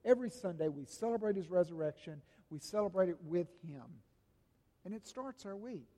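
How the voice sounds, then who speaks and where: A man preaching a sermon as pastor, dramatic and swinging from booming to hushed. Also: in a large hall.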